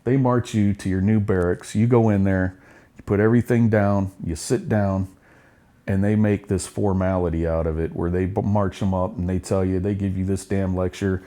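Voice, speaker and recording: A middle-aged man tells his stories with blunt, profane humor. His voice sits on the low side. He talks like a veteran guest in a relaxed interview. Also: moderate pace. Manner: blunt, profane, laughing storyteller. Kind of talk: casual storytelling interview.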